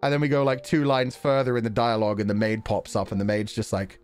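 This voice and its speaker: A man's voice: lowish voice, little pitch movement, fast, hardly any pauses, a little mellow, faint music behind. A man chatting casually on a livestream, reading chat messages, laughing often and poking fun at himself. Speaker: game streamer reading chat.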